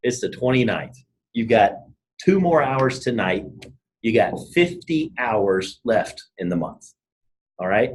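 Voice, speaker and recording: Guy hyping up his team on a call, lowish voice, lots of fillers. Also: slow pace, a little hiss or hum, rough recording. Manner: energetic, storytelling, casual. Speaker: network marketing team leader. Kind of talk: motivational call talk.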